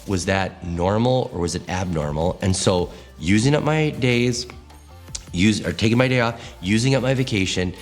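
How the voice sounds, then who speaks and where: Expressive lowish-voiced male pastor. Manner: expressive, animated storytelling with acted quotes. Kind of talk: teaching talk to church leaders.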